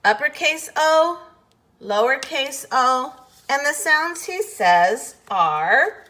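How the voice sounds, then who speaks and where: A woman teaching letter sounds in a slow, patient phonics lesson, carefully over-enunciating each sound. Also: high-pitched, big pitch swings, bright, forceful tone.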